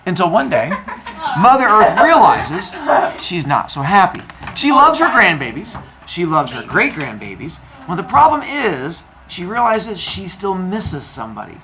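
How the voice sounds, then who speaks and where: Woman storyteller, lively and casual, low-set voice, audience heard in the room. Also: unhurried, a crowd in the background. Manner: casual, chatty, jokey asides. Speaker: storyteller speaker. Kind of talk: comic retelling of myth to a live audience. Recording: live room with audience noise.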